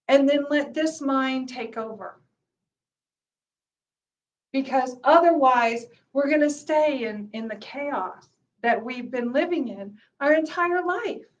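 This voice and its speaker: A woman with a high voice gives a casual mindfulness lesson as a meditation teacher. She talks earnestly, repeats her points for emphasis and often softens to a hush. She sits a little back from the microphone. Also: highs cut off. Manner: earnest, repeats key phrases for emphasis, often drops to a soft low voice. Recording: voice a little far from the mic.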